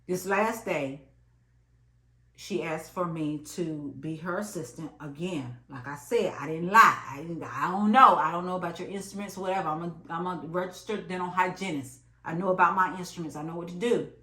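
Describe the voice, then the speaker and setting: Bright-voiced woman telling a storytime. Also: fairly low pitch, moderate pace. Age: late 30s. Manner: animated, emphatic storytelling with repeated phrases. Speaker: vlogger. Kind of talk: storytime monologue. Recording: echoey room.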